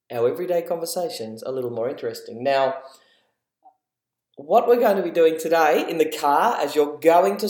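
A man's voice: a little high, a little mellow. A man with an Australian accent hosting a casual educational podcast, chatty and encouraging, laughing at himself. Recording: roomy echo.

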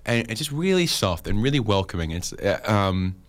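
Man, lowish voice, dry close sound, rambling comic monologue with self-mocking asides. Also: sing-song, normal speed, no echo. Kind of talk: comedic monologue.

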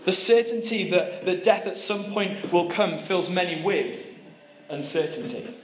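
A man's voice: high-pitched, unhurried, echoey room, slight background noise. A man preaching a sermon, telling stories with humor and often restarting his phrases. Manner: storytelling with humor and repeated restarts.

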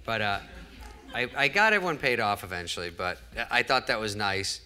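A comedian in his fifties, appearing as a guest, tells wry, self-deprecating stories on stage to a live audience in an event hall. His lowish voice is sing-song, brisk and sharp in tone.

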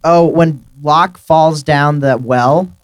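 A man co-hosts a casual podcast in a goofy, joking way, often reading out his own notes. His voice sits a little higher than most men's. He keeps the talk loose and silly. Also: takes it slowly, clean tone, no room sound. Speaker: podcast co-host. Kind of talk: casual chat.

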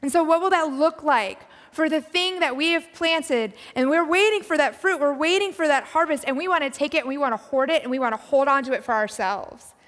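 A woman pastor giving a conversational, reflective sermon, often dropping to a soft, quiet voice. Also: sits high, fairly quick, few pauses. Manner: conversational, reflective preaching with soft drops in volume. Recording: long hall reverb.

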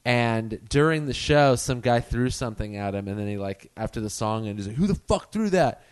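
A man with a mid-pitched voice talks casually on a podcast. He rambles and swears easily, with a laid-back manner. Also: expressive, moderate pace, clean tone, no echo. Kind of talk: casual chat.

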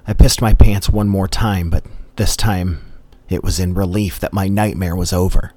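A man's voice: deep voice, fairly even intonation, normal speed, warm tone, no room sound. A man telling a comedic personal story in a dry, matter-of-fact way. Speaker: storyteller host.

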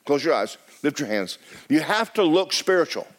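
Male pastor, lively swooping pitch, hushed-to-shouting sermon delivery. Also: normal speed. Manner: animated preaching, swinging from hushed to shouting. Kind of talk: storytelling sermon. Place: church sanctuary.

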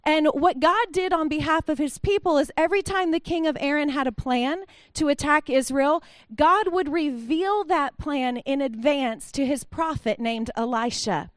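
A woman's voice: high voice, moderate pace, dry recording, clean studio sound. A woman giving a sermon in a chatty, conversational way, acting out the quotes. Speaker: pastor.

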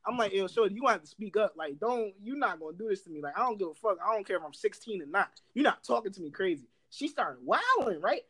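A young man telling workplace stories in casual chat, animated and laughing, loudly acting out what others said. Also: sits high, quick pace, few pauses, slightly rough. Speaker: storyteller.

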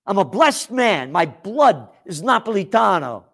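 A man from the Bronx, hosting an angry, profane commentary monologue with frequent shouting. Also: high voice, very animated, a little slow, creaky. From New York (the Bronx). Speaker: host and trend forecaster.

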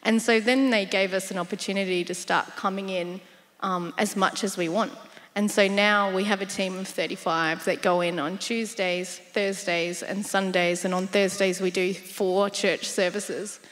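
A woman tells her story in a relaxed interview, lively and laughing often, acting out voices as she goes. Her voice sits in a middle register. It rings with a long hall reverb. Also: mid-range voice, normal speed. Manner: animated storyteller, laughs often, acts out quotes. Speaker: interview guest. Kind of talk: casual faith story interview.

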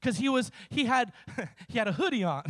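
High, bright-voiced impassioned preacher man. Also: very animated, normal speed. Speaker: pastor. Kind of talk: sermon.

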